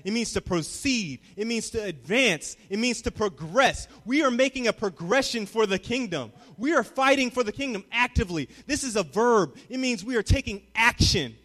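High-voiced young preacher in a reverberant hall. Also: male voice, normal speed, few pauses. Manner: builds from calm teaching to loud call-and-response. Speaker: youth pastor. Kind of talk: sermon.

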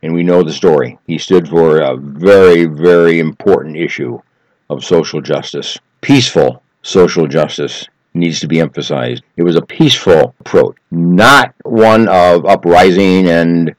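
A man telling a story in an earnest, measured way, building emphasis through repetition. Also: sits low, dry recording, rough recording. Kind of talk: reflective storytelling talk.

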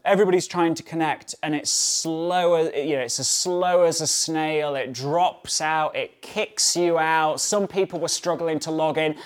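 Chatty man hosting a podcast, slightly high voice. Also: normal speed, hardly any pauses. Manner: chatty, uses many fillers and tag questions. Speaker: podcast host, dog trainer. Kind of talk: casual solo podcast talk.

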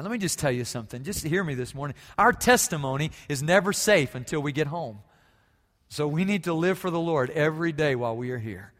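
A man preaching a sermon, moving from hushed stories to loud, fervent preaching. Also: a little high, lively intonation, a little fast. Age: 40s. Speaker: pastor. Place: church sanctuary. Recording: long reverb of a large church hall.

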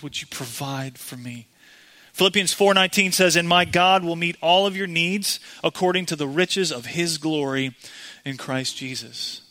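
A man's voice: a little high, pushed and bright. A man preaching a sermon in a church, speaking earnestly and directly to the congregation. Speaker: pastor.

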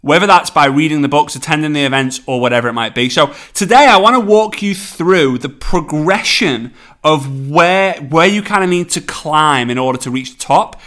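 An energetic man with a Scouse accent talks through his own motivational podcast, coaching listeners. His voice sits a little high for a man. He rushes through some phrases and then slows right down to land a point. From England. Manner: energetic, pace swings between quick bursts and slow emphasis. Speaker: podcast host and network marketing coach. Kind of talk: solo motivational podcast talk.

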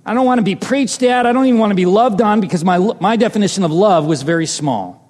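A man preaching a personal testimony with a slightly raised pitch. He swings from loud, exclaiming lines to quiet, hushed ones. His voice rings out with long reverb, as in a large hall. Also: fast. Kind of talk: sermon testimony storytelling.

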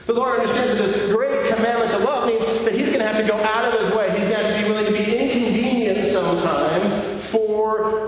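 High-voiced guy preaching in church, asks the crowd questions, cracks jokes on himself, sounds far from the mic. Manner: questions the congregation directly, self-deprecating humor. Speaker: pastor. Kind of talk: sermon. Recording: echoey church hall, miked from far off.

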